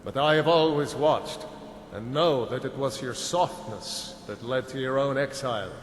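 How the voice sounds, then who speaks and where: A man's voice: mid-range voice, moderate pace, close to an everyday voice. Man doing stern game spirit, solemn judgment, roomy echo, faint hiss. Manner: solemn, severe pronouncements. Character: stern ancient male spirit judging warriors. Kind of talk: video game dialogue. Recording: echoey, long reverb, faint hiss.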